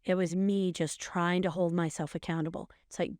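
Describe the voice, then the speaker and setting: A woman's voice: on the low side, flat delivery, moderate pace, a little mellow, no room sound. Earnest middle-aged woman giving advice. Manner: earnest, coaching, repeats phrases for emphasis. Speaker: podcast co-host, mother. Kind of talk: casual advice chat.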